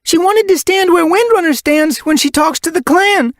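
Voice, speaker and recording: In an audiobook, a man voices a boastful young male kitten, eager and proud, pitching his voice very high, well above his own. He speaks at a normal speed, and the studio sound is clean with no echo.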